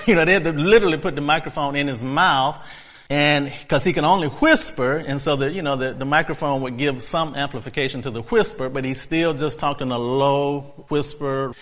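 A man preaching a sermon, storytelling in a conversational way before building to loud, excited preaching. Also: a little high.

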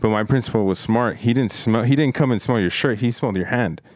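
A man telling a high school story in a laid-back way on a podcast, swearing often and using lots of fillers. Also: brisk, darkish tone, no room sound, studio quality. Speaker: podcast guest. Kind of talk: casual storytelling chat.

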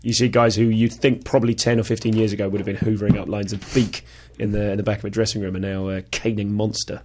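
A man's voice: lowish voice, level tone, fast, noisy background. An English man, a guest comedian, chatting casually on a podcast and using British slang. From England.

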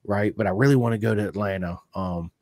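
Chatty low-voiced host, dry sound. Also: male voice, quick pace, darkish tone, no echo. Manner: enthusiastic, rambling fan talk. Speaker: podcast host. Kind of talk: casual interview chat.

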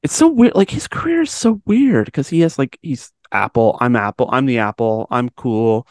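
A wry man hosting a film podcast, trading jokes and quick asides in casual chat. His voice sits in a middle register and comes through a close, dry mic with no room around it. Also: mid-range voice, lively intonation, a little mellow, dry recording. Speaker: podcast host, film reviewer.

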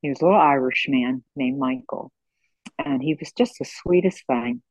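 A woman in her sixties, hosting a podcast, who tells stories in a gentle, unhurried way. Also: very deep voice, no room sound. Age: 60s. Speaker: podcast host. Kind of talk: conversational storytelling. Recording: slightly dull lo-fi sound.

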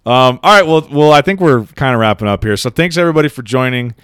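A man co-hosting a podcast talks at a brisk clip with frequent laughs. His voice sits in a middle register and is recorded dry and close. His delivery is loose and chatty. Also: medium pitch, clear, resonant tone, no room sound. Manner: quick, laughing, animated storytelling. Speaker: podcast co-host. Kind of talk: casual podcast chat.

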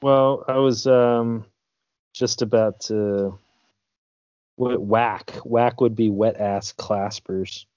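An American man co-hosting a crude comedy podcast, joking in a bawdy, deadpan way. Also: fairly low pitch, takes it slowly, no room sound. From United States. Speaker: podcast co-host. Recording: dull lo-fi audio with music underneath.

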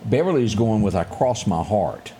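A man co-hosting a casual morning show and reading local headlines, animated and prone to singing snippets of lyrics. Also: lowish voice, normal speed, slight background noise.

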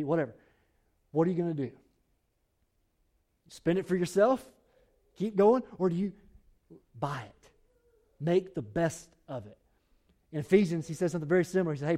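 A man delivers an urgent sermon in a church, turning often to speak straight to his congregation. His voice sits a little high yet sounds warm and mellow. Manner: urgent, exhorting, direct address to the congregation. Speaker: pastor.

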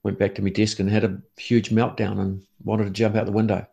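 Gravelly-voiced former negotiator, earnest. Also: male voice, on the low side, flat delivery, brisk, warm tone. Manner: earnest, repeats and restarts words often. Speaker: former police negotiator and author. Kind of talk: interview storytelling.

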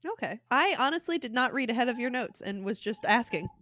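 Woman, podcast co-host, playful, curious, animated pitch. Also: fairly quick, no room sound, studio quality. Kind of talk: casual chat.

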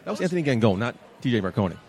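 A man's voice: mid-range voice, big pitch swings, racing, darkish tone. A man doing sarcastic, needling backstage interviews at a wrestling show.

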